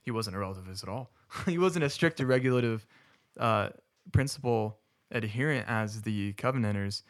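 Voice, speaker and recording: A man's voice: lowish voice, moderate pace. Rambling, self-correcting man in chat. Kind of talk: casual podcast discussion.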